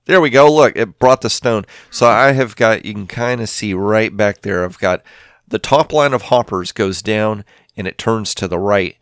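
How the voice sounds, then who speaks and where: A man's voice: on the low side, moderate pace, no echo, clean studio sound. Rambling man narrating his own gameplay. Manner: rambling, self-talking, thinks aloud. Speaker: Minecraft let's play host. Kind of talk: casual gameplay commentary.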